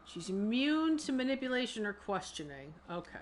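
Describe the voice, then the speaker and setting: A woman's voice: mid-range voice, moderate pace, fairly bright tone, a little hiss or hum. A woman streamer giving casual let's-play commentary, chatty with mumbled asides.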